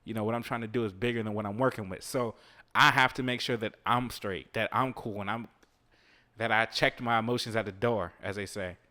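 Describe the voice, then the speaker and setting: A man's voice: on the low side, steady tone, a little fast, bright, forceful tone. A man hosting a podcast, giving laid-back motivational advice in casual speech, swearing, laughing and chatting to listeners while he plays a video game. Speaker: podcast host.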